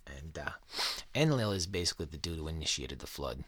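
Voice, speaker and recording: A man's voice: rumbling low, lively intonation, a little fast, fairly bright tone, slightly rough, no room sound. A man hosting a casual podcast, talking in a profane, rambling and sarcastic way. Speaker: podcast host. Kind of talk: casual chat.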